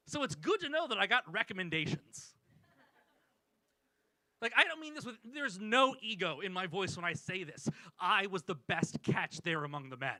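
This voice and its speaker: A man tells a stand-up story on a small club stage, wry and self-deprecating. His voice sits high and rings very bright. The mic picks him up close and dry. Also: lively intonation, normal speed, no echo, poor audio. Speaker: stand-up comedian. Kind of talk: stand-up set.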